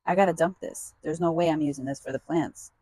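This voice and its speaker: Young woman vlogging outside, kinda low voice, dramatic and exasperated, faint hiss behind. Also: a little fast, mellow, low-quality recording. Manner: dramatic, exasperated, talking to herself. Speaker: plant vlogger. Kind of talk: casual vlog talk to camera. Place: outdoors by a rain barrel.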